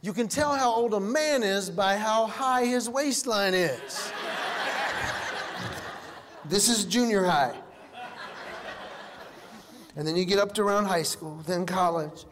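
A man doing animated stand-up comedy, telling stories and acting out the people in them. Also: high voice, long reverb tail, slight background noise. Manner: animated storytelling, acting out dialogue with quick voice switches. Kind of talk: stand-up comedy to a live audience.

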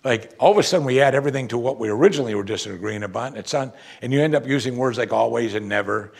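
A man's voice: mid-range voice, rapid-fire, gravelly, hardly any pauses, breathy edge. A man preaching a sermon as a pastor, talking in a conversational way and asking his listeners rhetorical questions.

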